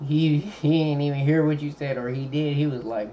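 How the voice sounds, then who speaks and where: Un homme qui commente une vidéo en direct, avec un ton décontracté et un argot détendu. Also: male voice, fairly high pitch, normal speed, hardly any pauses, warm tone, slight background noise. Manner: laid-back slangy chatter, thinking aloud. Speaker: streamer. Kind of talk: casual live-stream reaction commentary. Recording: dull lo-fi mic with faint ambience.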